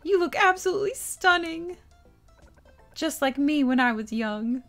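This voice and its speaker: A woman's voice: high-pitched, animated, unhurried, soft background music, pitched above the performer's own voice. A woman voicing doting, scheming older village women from a video game, in a sweet teasing manner. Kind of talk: reading game dialogue aloud.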